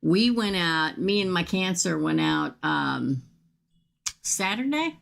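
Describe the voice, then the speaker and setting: A chatty woman gives a casual livestream tarot reading. Her voice is low and gravelly with plenty of fry, and she talks to viewers in a folksy, straight-talking way. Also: animated, slow pace. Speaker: tarot reader.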